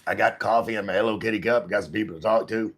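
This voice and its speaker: Man, middle-aged, low voice, laid-back live-stream chat, reads viewer comments aloud. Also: steady tone, fast, noisy background. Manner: reads chat messages aloud and answers them chattily. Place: home in the Philippines.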